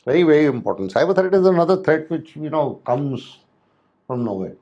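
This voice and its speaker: His voice is fairly high with lively intonation and a darkish tone, and he speaks a little fast, though the highs are cut off in the audio. As a hospitality security instructor, he lectures loosely on hotel safety and security, with frequent restarts and fillers.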